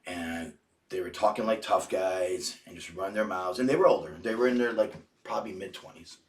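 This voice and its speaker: A man's voice: sits low, a little fast. A man telling a long story as a podcast guest, casual and profane, full of restarts and filler words. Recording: roomy, distant mic.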